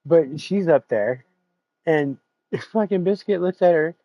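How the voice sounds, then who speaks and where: With a slow, expressive delivery on the high side, the streamer hangs around after his sim race to chat, rambling, cursing, and laughing frequently. The lo-fi recording has no echo.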